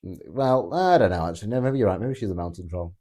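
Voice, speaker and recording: A man's voice: low-pitched, lively intonation, quick pace, mellow. A man hosting a casual live stream, answering chat in a blunt, joking way with plenty of swearing. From Britain. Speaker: political streamer reading chat.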